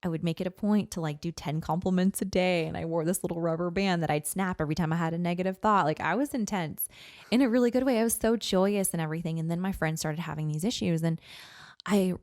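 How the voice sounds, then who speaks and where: A woman in her thirties telling a personal story as a podcast guest, earnest and animated, with lots of "like" and "you know.". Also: on the low side, quick pace, no echo, clean studio sound. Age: 30s.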